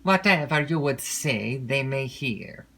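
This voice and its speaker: A woman reads as a cold, domineering nobleman in a gothic audiobook, his words slow and clipped. He commands rather than converses, with a flat, impatient firmness. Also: very deep voice, heavily acted. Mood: curt, cold.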